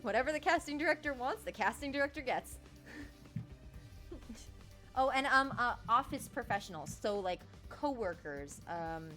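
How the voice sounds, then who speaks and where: A woman's voice: a little high, animated, normal speed, fairly bright tone. A young woman voice actor chatting casually on a game stream, laughing often and swearing now and then. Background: faint game music.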